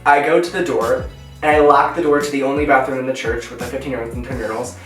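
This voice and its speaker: A man's voice: medium pitch, fast talker. Young man vlogger, chatty storyteller doing voices, distant roomy sound. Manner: animated, acts out voices in his story. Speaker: vlogger telling a story while doing makeup. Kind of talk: casual storytelling while following a tutorial. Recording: echoey room, voice from off-mic, faint music.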